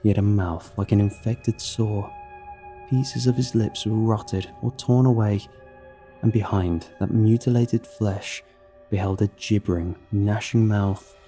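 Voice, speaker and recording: A man reading a horror story aloud in a measured, steady narration. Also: fairly low pitch, faint music behind.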